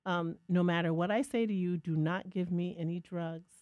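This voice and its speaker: A woman co-hosting a podcast, telling a lively personal story in a casual, self-mocking way. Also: fairly low pitch, moderate pace, no echo, lo-fi sound. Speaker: podcast co-host.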